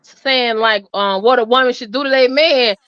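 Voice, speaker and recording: A woman from Atlanta with an Atlanta accent, chatting in a lively, giggly way. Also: on the high side, moderate pace, clear, resonant tone, muffled recording. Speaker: stream guest. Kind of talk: casual chat.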